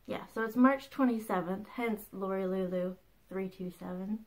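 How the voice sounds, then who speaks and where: In casual chat, a woman in her thirties speaks to the camera like a craft podcast host updating her viewers. She's bubbly and relaxed, sprinkling in little laughs and quick asides, with a pitch in a typical middle range for a woman. The audio is poor.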